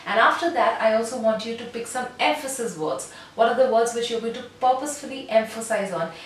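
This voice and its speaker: A woman teaching an online voice lesson, calmly explaining and then showing slow and fast pacing. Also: recorded from a distance. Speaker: voice coach. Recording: very echoey room, off mic, faint rumble.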